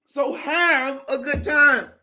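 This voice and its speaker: A man telling funny stories in casual, slangy chat, laughing loudly between bits. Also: very high-pitched, slow pace. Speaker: comedic storyteller.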